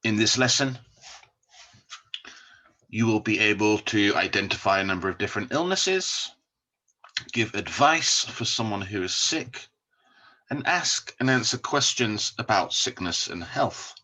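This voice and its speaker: A man teaching an English vocabulary lesson, saying each word slowly and repeating it for learners to copy. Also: on the low side, expressive, pushed and bright.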